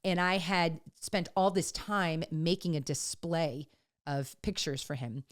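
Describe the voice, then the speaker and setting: A woman in her forties co-hosting a podcast, chatting casually and telling stories, acting out the quotes. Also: a little slow. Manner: animated storyteller, acts out quotes with big pitch jumps. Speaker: podcast co-host. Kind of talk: casual chat.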